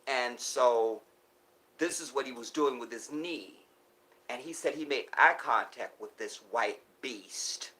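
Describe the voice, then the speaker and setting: A man talking live to his viewers in an emotional monologue, breaking off and restarting, swinging from loud urgent pleas to hushed near-whispers. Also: medium pitch, rough recording. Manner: halting, restarts often. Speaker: live streamer.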